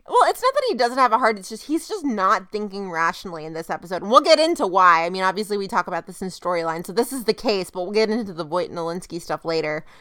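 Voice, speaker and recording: A young woman casually recapping a TV episode as a podcast co-host, telling the plot in an animated, chatty way. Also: medium pitch, fast, hardly any pauses, no echo, clean studio sound. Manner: chatty, animated retelling with quoted voices. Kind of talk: casual chat.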